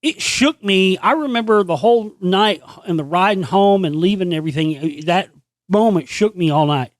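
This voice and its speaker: Male host, higher-pitched, dry close sound, foul-mouthed sarcastic rant. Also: moderate pace, dry recording. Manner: profane, sarcastic, animated storytelling. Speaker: channel host. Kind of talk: ranting monologue.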